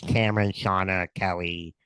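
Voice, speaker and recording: A man, a podcast guest, telling an excited story full of quoted dialogue in casual talk. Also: deep voice, moderate pace, smooth, dry recording, poor audio.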